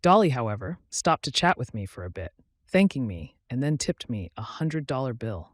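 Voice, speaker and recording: A man reading first-person stories aloud as scripted narration, in a steady, matter-of-fact way. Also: mid-range voice, normal speed, dry recording. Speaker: story narrator.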